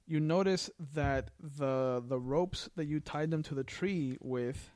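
A man's voice: fairly high pitch, slow pace, a little mellow, no echo. A man running a tabletop game as game master, narrating scenes in a loose, descriptive way with lots of "like" and "kinda".

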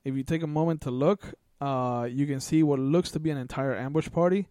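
A man narrates a tabletop role-playing session as its game master. He lays out each scene in a loose, rambling way and leans on "like" and "kinda". His voice is mellow and dry, with a middling pitch. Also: a little fast, no room sound.

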